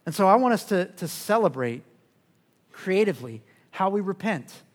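A middle-aged male pastor with a high voice delivers an earnest sermon. He often repeats a word or two as he starts a new thought, pressing on with conviction. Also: very animated, moderate pace. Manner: earnest, repeats words when starting sentences.

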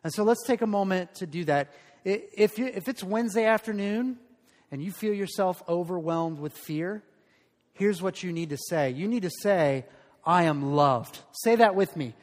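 A man's voice: sits high, animated, moderate pace. A man preaching a sermon as pastor, earnest and emphatic, leading the congregation in call-and-response declarations. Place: church sanctuary. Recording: hall reverb.

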